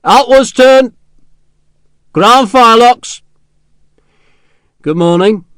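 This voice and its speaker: A man's voice: on the high side, moderate pace, smooth, no room sound, studio quality, close to an everyday voice. A man playing a tall, scornful English officer who barks curt orders and speaks with lordly contempt, in an audiobook reading.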